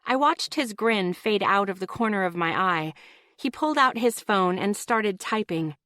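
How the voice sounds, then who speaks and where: A woman's voice: medium pitch, expressive, moderate pace, sharp tone, no echo, clean studio sound. A woman reading a first-person audiobook in a casual, lightly wry tone. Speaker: audiobook narrator.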